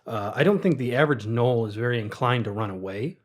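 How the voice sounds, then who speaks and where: Guy cracking dry jokes on a game podcast, average pitch. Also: fairly quick. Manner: dry, joking. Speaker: podcast co-host. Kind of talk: casual tabletop game chat.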